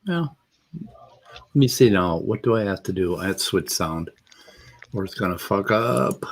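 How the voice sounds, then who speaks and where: A man's voice: low-pitched, lively intonation, moderate pace, breathy edge. A man hosting a livestream, chatting in a laid-back, plain-spoken way. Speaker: livestream host. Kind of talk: casual chat.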